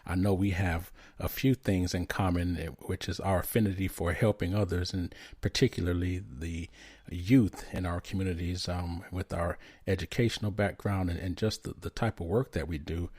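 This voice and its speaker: Deep husky-voiced male podcast host. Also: steady tone, normal speed, darkish tone, dry recording, studio quality. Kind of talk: casual podcast interview.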